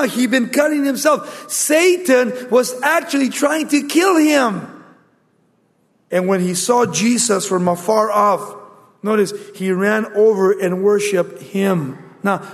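Preacher, male, high voice, emphatic delivery that drops to a hush, heard in a long-reverb hall. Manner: emphatic, swings from loud to hushed. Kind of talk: sermon.

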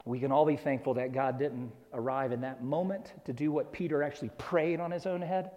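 A man's voice: mid-range voice, steady tone, fairly quick, dark tone, highs cut off. Earnest preaching man in a reverberant hall. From Southern United States. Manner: earnest, explanatory, building to emphatic peaks. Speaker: pastor. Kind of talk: expository sermon.

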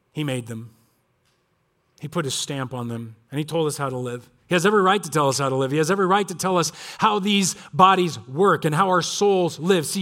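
A middle-aged man preaching a sermon with animated delivery, dropping at times to hushed tones. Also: high voice. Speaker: pastor.

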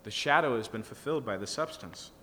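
A pastor explaining scripture line by line, building to emphatic bursts. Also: male voice, medium pitch, animated, fairly quick, bright, forceful tone. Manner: teaching, rising to emphatic bursts. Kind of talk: expository sermon. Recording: reverberant hall with faint hum.

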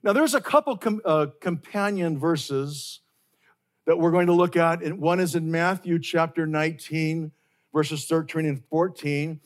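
A man's voice: fairly high pitch, a little slow. A man preaching a sermon to his church in an earnest way, stressing his points by saying them again. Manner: earnest, repeats key phrases for emphasis. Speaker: pastor.

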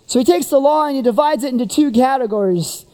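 A preacher giving a sermon, who retells the story in an animated way and keeps asking the listeners rhetorical questions. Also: high voice, fast, big-room sound.

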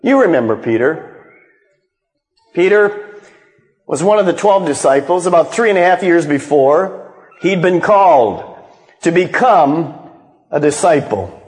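A man's voice: a little high, lively intonation, a little slow, pauses often, darkish tone. A male pastor preaching a sermon as a dramatic storyteller who acts out the quotes. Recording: long reverb of a large hall.

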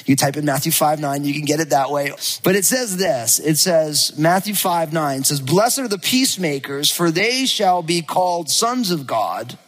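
A man who is a pastor, preaching a sermon and telling a personal story in a lively, animated way, acting out the lines of people in it. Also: fairly high pitch, moderate pace, hardly any pauses, in a large hall. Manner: animated storytelling, acts out quotes. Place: church.

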